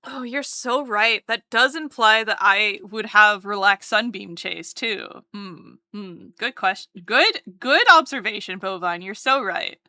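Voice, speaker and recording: A woman's voice: medium pitch, measured pace, few pauses, pushed and bright, dry recording. A woman streamer chatting casually with her live chat while drawing, playful and teasing, often repeating words.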